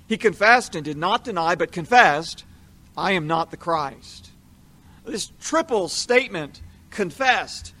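A man giving a measured, explanatory Bible teaching, leaning into the verses he quotes. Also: sits high, sharp tone.

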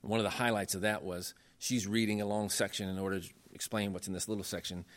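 A man lectures on church history quickly and in a steady tone, earnest and emphatic. He keeps it conversational with frequent fillers, pushing his pitch up whenever he stresses a point.

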